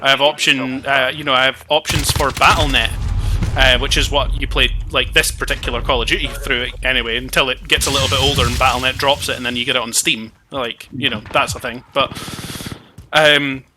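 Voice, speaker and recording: Male co-host, animated, swears, game noise underneath. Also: medium pitch, brisk. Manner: animated, swearing, stumbling restarts. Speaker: podcast co-host. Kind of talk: casual chat about games and tech. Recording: gaming audio noise behind. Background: clicks and gunfire from a game.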